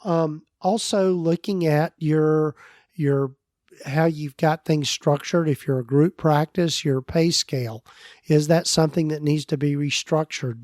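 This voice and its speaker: A man hosting a podcast, talking in a casual, meandering way while his voice is going hoarse. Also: a little high, darkish tone, no room sound, studio quality. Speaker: podcast host and practice consultant.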